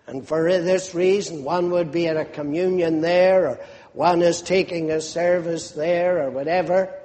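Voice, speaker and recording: Male minister, slow deliberate sermon delivery, echo of a large hall. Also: a little high, a little mellow. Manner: deliberate preaching, rising in emphasis on quoted scripture.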